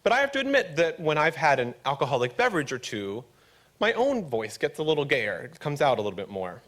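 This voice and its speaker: A man from Pennsylvania with a gravelly voice, giving a public talk at a conference with wry, joking asides, at times a little mumbling. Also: on the high side, very animated, a little fast, fairly bright tone. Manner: slightly mumbling when not projecting. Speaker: conference speaker.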